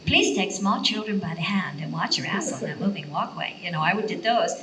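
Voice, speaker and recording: Bright-voiced woman joking on a panel. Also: lowish voice, expressive, a little fast, far from the mic, a little hiss or hum. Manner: wry, joking. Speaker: voice actress panelist. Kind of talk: panel chat. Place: convention panel room.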